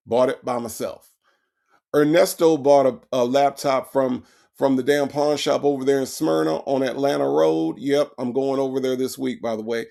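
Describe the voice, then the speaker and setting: A man's voice: medium pitch, gravelly, a little mellow. A man hosting a true-crime comedy podcast, delivering sarcastic, profane commentary and repeating his points for effect. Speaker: podcast host.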